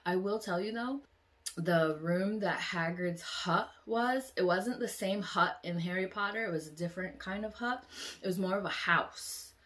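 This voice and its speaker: A woman vlogger casually retelling a dream, animated, often acting out lines in squealing high voices or dropping to whispers, with many "like" fillers. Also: normal speed. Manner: drops into quiet whispers; frequent "like" fillers. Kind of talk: casual dream storytelling vlog.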